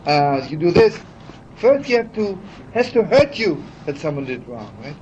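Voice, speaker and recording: A man's voice: on the high side, sing-song, moderate pace, a little mellow. Heartfelt male preacher, muffled old tape. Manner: heartfelt, chatty, many "you know" asides. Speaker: rabbi teaching. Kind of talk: storytelling sermon. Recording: dull archival recording with faint hiss.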